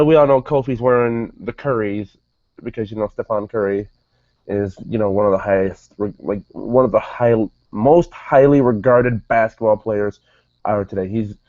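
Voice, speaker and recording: A man's voice: medium pitch, dry recording. A man giving a casual, rambling spoken review, often wandering off topic and correcting himself. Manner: rambling, digressive, self-correcting. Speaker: wrestling show reviewer. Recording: dull lo-fi dry recording.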